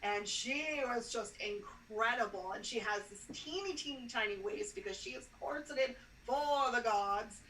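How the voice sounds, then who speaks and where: Chatty woman guest, bright higher voice, echoey room far from the mic, faint hiss. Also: unhurried. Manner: chatty, enthusiastic, many fillers. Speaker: podcast guest. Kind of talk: casual chat. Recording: roomy, distant mic with faint noise.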